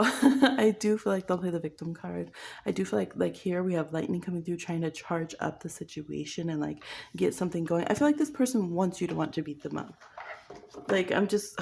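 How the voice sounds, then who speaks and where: A woman's voice: lowish voice, gravelly, a little mellow, husky. A woman giving a casual pick-a-card tarot reading, chatty and playful, laughing often and mocking people with quoted voices. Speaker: tarot reader.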